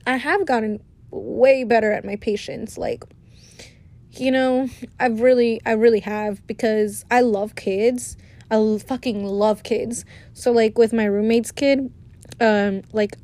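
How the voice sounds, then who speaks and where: A woman in a casual vlog, talking candidly and animatedly with lots of swearing. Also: on the high side. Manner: candid, profane, animated storytelling.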